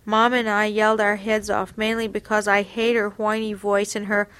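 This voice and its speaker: A woman's voice: medium pitch, fairly even intonation, moderate pace, hardly any pauses, a bit bright, slight background noise. A woman reading aloud from a personal diary in an earnest, confessional, reflective way.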